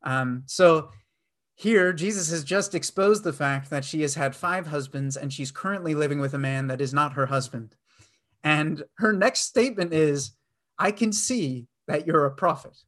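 A man's voice: a little high, moderate pace, a bit bright. Earnest man preaching a sermon. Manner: earnest, with frequent fillers and restarts. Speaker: pastor.

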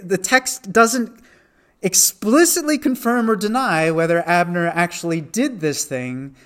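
A man teaching a Bible study in a conversational way, often asking rhetorical questions. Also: on the high side.

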